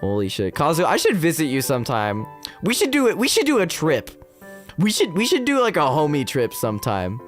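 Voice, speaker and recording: A man's voice: fairly high pitch, fairly quick, soft background music. A young man streaming as a VTuber, chatting casually and rambling with lots of fillers as he tells stories. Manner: rambling, full of fillers, animated storytelling.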